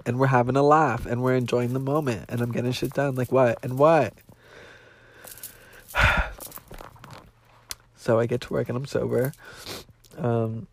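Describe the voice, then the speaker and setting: Slow-talking, profane young man. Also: medium pitch, no room sound. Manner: profane, emotional, animated storyteller. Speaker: podcast host. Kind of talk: casual storytelling monologue. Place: outdoors on a walk.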